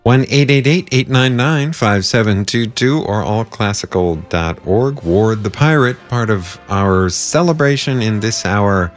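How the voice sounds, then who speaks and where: Lively male radio host. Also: lowish voice, a little slow, hardly any pauses, faint music behind. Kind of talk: on-air fundraising appeal.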